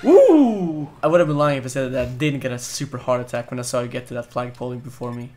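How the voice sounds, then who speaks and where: A young man casually commentating a co-op platform game, excitable, cursing often and bursting into loud laughter. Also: medium pitch, very fast, music in the background. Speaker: gaming video host. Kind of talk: casual let's-play commentary.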